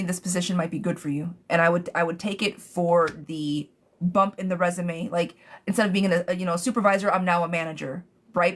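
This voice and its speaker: Blunt, chatty woman reading tarot live. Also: fairly low pitch. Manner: chatty, blunt, swears freely, calls viewers girl and love bug; gets riled up and rants, then calms herself. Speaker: tarot reader. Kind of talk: live-stream tarot reading, answering chat questions.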